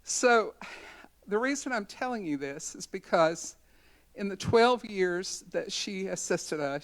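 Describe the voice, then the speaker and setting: A woman in her sixties, a community educator, giving a storytelling talk at a symposium in a college conference center. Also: on the low side.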